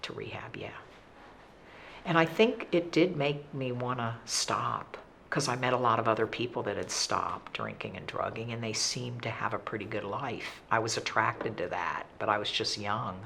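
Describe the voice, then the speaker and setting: A woman, animated and self-deprecating as she talks candidly about her past. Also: extremely low pitch, normal speed, gravelly, a little hiss or hum. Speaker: interviewee in recovery. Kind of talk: candid conversational storytelling.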